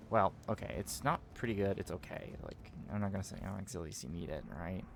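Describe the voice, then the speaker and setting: A man swearing and rambling casually as he streams a video game, reacting loudly to what happens on screen. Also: lowish voice, fairly quick, creaky, noisy background. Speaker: gaming streamer. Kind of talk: casual gameplay commentary.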